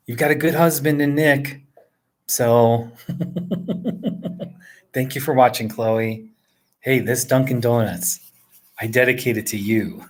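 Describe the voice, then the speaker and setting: Answering viewers' questions during a relaxed live chat at home, this northern New Jersey man in his forties rambles and chuckles a lot. He has a mid-range voice, takes things slowly and pauses often.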